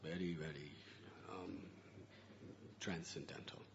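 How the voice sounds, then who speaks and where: Slow, emphatic man telling a devotional story. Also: deep voice, fairly even intonation, vocal fry. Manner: slow, emphatic, repeats words. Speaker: religious speaker. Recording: dull lo-fi recording with faint noise.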